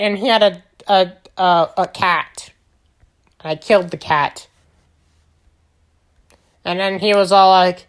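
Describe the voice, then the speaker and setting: Slow, rambling woman host. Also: medium pitch, fairly bright tone, smooth. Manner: rambling and silly, with lots of filler sounds. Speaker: gaming channel host. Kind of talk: playful game recap narration.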